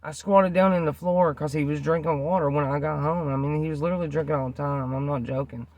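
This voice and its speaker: A man's voice: fairly high pitch, steady tone, quick pace, a little mellow, no echo. A man earnestly tells a rambling personal story to the camera, repeating himself and using many fillers. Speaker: vlogger telling a personal story.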